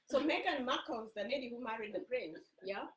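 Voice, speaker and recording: A woman from Kenya with a Kenyan accent, co-hosting a casual breakfast chat show, animated and teasing. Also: a little high, a little fast, poor audio. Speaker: co-host.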